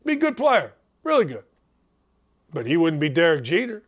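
A man's voice: a little high, wildly swooping pitch, normal speed. A man in his late fifties hosting a sports talk show, ranting brashly with blunt, repeated points. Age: 50s. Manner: brash, emphatic, repetitive ranting.

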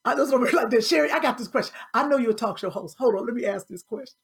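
Woman guest, high gravelly voice, loud teasing banter. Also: racing. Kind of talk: casual chat.

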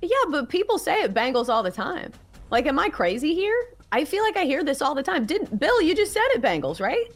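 A woman with a Southern US accent talks through sports picks in a chatty, casual way. Her pitch rises and falls a lot, and she pokes fun at herself. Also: brisk, faint music behind. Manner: chatty, animated, self-deprecating. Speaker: sports show co-host.

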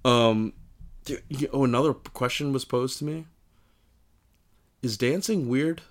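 A young man co-hosting a casual chat, telling stories in an animated way with lots of filler words and quick put-on voices for the people he quotes. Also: medium pitch. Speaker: podcast co-host.

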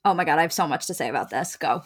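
A woman's voice: sits low, expressive, very fast, slightly rough. A young woman co-hosting a podcast, chatting casually and analyzing a reality show at length, with many "like" fillers. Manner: talkative, analytical, heavy use of "like". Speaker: podcast co-host.

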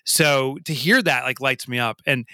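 A man being interviewed as a guest author, telling his story in a lively, self-deprecating way and often repeating words as he starts sentences. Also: medium pitch, moderate pace, no echo. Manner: animated and self-deprecating, with frequent stammered repeats.

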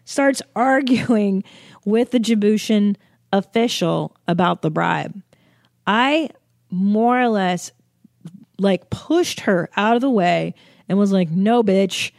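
A woman's voice: mid-range voice, slow pace, gravelly, a little mellow, no room sound, clean studio sound. A young woman comedian telling a travel story with lots of swearing and self-mocking jokes. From United States. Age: young adult. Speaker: comedian and podcast host. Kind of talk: comic storytelling.

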